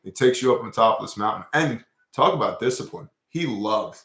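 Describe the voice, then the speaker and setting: A man's voice: lowish voice, fairly quick. Casual, swearing man in an echoey room. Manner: casual, profane, animated storytelling. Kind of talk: casual scripture discussion.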